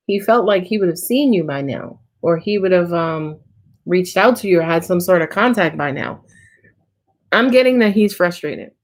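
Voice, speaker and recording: Slangy, tired tarot reader woman. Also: on the low side. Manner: casual, slangy and profane. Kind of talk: live-stream Q&A reading.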